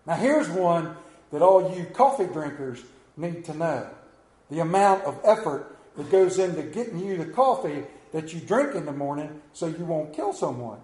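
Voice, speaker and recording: Middle-aged Appalachian pastor, high-pitched man, joking folksy sermon, roomy church echo. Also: darkish tone. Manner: folksy, joking storyteller who questions the congregation. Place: church sanctuary.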